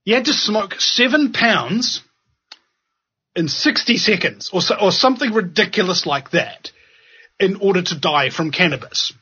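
Brief: New male host, sarcastic, fired-up commentary, fairly high and husky voice. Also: animated, a little slow, sharp tone. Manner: sarcastic and impassioned. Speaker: podcast host. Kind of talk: ranting commentary. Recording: dull lo-fi audio.

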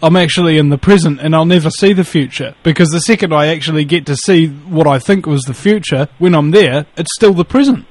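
A man's voice: a little high, a little fast, few pauses, dry recording. A man chatting casually on a call, telling rambling stories, swearing and laughing at his own jokes. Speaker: podcast guest. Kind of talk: casual chat.

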